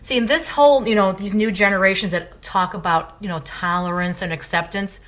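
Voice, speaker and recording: A woman's voice: medium pitch, a little fast, a bit bright. A middle-aged woman co-hosting a podcast in casual chat, giving her opinions in an impassioned, emphatic way. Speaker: podcast co-host.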